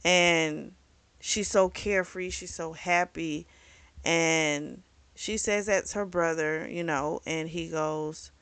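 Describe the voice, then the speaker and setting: Lady chatting through a book plot, kinda low voice, swears a lot, lots of ums, dry sound. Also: fairly even intonation, slow pace, fairly bright tone, clear, resonant tone, dry recording. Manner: rambling, frank, swears freely, lots of fillers. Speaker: book reviewer. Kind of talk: casual book recap.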